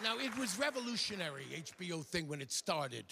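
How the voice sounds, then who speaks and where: Animated older New stand-up comic. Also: male voice, high voice, creaky, a loud crowd, very noisy. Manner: animated, mimics characters in quick asides. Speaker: stand-up comedian. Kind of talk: stand-up routine. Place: theater stage before a live audience.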